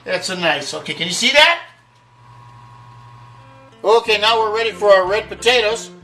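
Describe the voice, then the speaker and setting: A man with a high, bright voice hosts a home cooking show. He chats in a folksy, joking way and sprinkles in Italian words. The room is echoey, with faint guitar music behind him. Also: expressive, normal speed.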